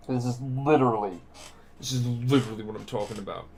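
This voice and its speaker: Drunk man, podcast host, recapping an anime with profane glee and quick character voices that jump high and loud. Mid-pitched voice, rambling and loose.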